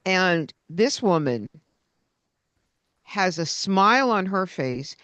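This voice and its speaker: A woman hosting a radio interview who talks slowly and without hurry. Her voice is smooth and clear. The recording is close and dry, with no room sound. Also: on the low side, big pitch swings, fairly bright tone, no echo. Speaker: radio host.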